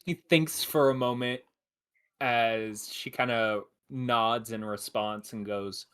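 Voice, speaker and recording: Man, game master, live-streamed tabletop game, slow, halting, lots of fillers. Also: mid-range voice, steady tone, a bit bright, clean tone. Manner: hesitant, many fillers, apologetic.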